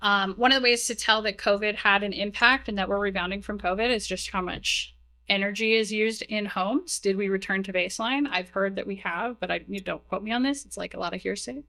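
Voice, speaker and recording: A young woman speaks at a tech conference in a bright, forceful voice, rambling casually with plenty of fillers and wry asides. Her voice comes through a stage mic over a faint mains hum. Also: medium pitch. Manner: chatty, heavy use of "like" and "um", self-deprecating asides. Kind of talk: casual technical conference talk. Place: conference room, live talk. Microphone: stage mic, moves away while walking to slides.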